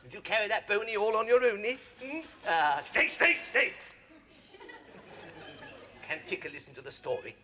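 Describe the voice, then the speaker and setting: A man's voice: high-pitched, very animated, moderate pace, long pauses, a crowd in the background. A man voicing a cheeky, posh male fox puppet who giggles and teases with sing-song wordplay in 1970s children's TV comedy. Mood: cooing. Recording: studio audience laughter with hiss.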